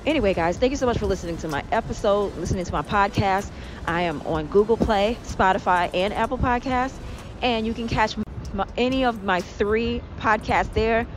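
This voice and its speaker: A woman's voice: medium pitch, a little fast, background noise. Chatty woman podcasting while walking home. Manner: candid, profane, animated storytelling with laughs. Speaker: podcast host. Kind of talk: casual solo podcast monologue. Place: walking outdoors on the way home from work.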